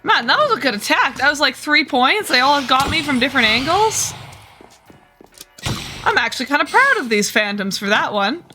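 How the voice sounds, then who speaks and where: A woman's voice: sits high, sing-song, normal speed, bright, forceful tone, slight background noise. A woman streamer chatting casually and playfully over her gameplay, teasing herself along the way. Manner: playful, chatty, self-mocking.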